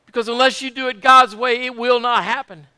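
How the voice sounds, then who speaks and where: A man's voice: very high voice, fairly even intonation, a little fast, pushed and bright, smooth, no room sound. A man preaching a fervent sermon, repeating his points and asking the congregation for amens. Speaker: pastor.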